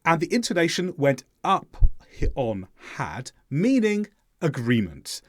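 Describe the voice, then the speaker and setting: A man gives a scripted English lesson, his pitch swinging widely as he marks the stress in each example. His voice sits a little high for a man. The sound is close and dry, with no room around it. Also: huge pitch swings, no room sound. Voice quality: clear, deliberate teaching voice with exaggerated intonation in examples. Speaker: English teacher.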